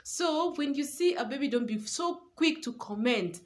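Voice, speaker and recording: A woman's voice: high-pitched, animated, normal speed. A young woman, a new mother and parenting coach, giving earnest advice to camera and repeating words for stress. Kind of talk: casual advice talk to camera.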